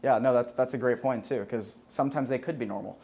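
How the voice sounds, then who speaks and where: There is background noise as a young man teaches a sales class to a live audience, talking at a quick pace and medium pitch. He is loose and chatty, leaning on "like" and "right?", swearing casually and laughing at his own jokes.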